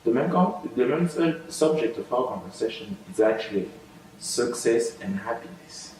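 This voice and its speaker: A man's voice: medium pitch, expressive, normal speed, darkish tone. Hesitant male interviewer, echoey distant sound. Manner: hesitant, with many fillers and restarts. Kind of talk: interview questions. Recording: echoey room, voice far from mic.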